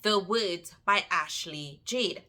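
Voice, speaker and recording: A woman book vlogger chatting to her viewers, animated and repeating phrases for emphasis. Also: lowish voice, slow. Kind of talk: casual chat to camera.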